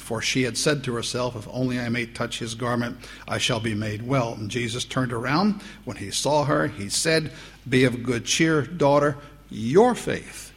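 A man preaching a sermon, teaching slowly through Bible verses and lifting his voice on the quoted lines. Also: mid-range voice, slightly rough. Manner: slow, deliberate Bible teaching with rising emphasis on quotes.

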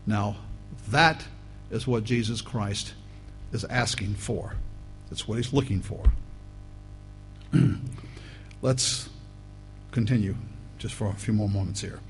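A man preaching a sermon, reading scripture aloud and breaking off to address the listeners as folks, rising now and then to loud emphatic bursts. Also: fairly low pitch, slow pace, pauses often, soft background music, low-quality recording.

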